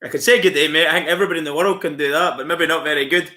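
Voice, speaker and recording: A man's voice: a little high, very fast, bright, forceful tone. A man hosting a casual live stream, chatty and rambling with lots of fillers. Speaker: livestream host.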